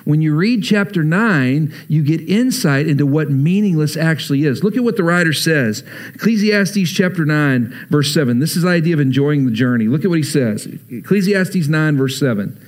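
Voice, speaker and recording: Energetic man preaching a lively sermon. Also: fairly high pitch, normal speed. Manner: energetic and conversational, swinging between loud urging and quiet, heavy stretches. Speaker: pastor.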